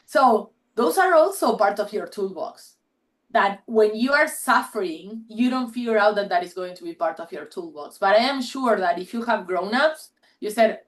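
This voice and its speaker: Spanish-first-language woman chatting on a video call, lots of restarts, mid pitch. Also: normal speed, rough recording. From Spanish-speaking country. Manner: animated storytelling with many restarts. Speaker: panel speaker. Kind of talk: casual panel talk.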